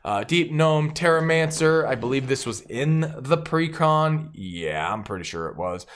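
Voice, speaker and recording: Male host, card deck review, very animated pitch, energetic and jokey, rattles off card text fast. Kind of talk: enthusiastic casual deck review.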